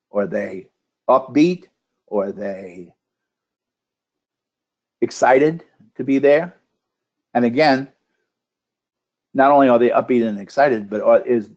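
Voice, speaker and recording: A man's voice: medium pitch, a little mellow, dull audio. A man leading an instructional webinar, asking one checklist question after another, with a few restarts. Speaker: webinar trainer for contest judges. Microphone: computer microphone on a webinar call.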